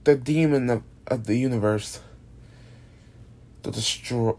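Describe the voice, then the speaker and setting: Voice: medium pitch, measured pace, darkish tone. A casual video creator explaining an original monster character, rambling with many restarts and casual swearing, sounding tired. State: tired, yawning.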